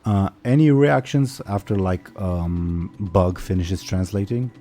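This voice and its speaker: A man running a tabletop game as game master, narrating loosely and hesitantly with many pauses. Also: low voice, mellow, soft background music.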